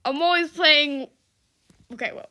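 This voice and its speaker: A woman's voice: sits high, unhurried, bright, forceful tone. A young woman giving casual, giggly commentary on her gameplay, laughing often and shrieking for help. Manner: giggly, exclaims and shrieks, reads chat aloud. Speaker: gaming YouTuber.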